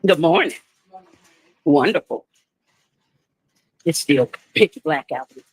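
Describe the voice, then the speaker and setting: A woman's voice: sits low, lively intonation, slow, breathy edge, no room sound, low-quality recording. A woman chatting casually on a live stream, talking straight to her viewers and laughing often, first at a shop checkout and then at home.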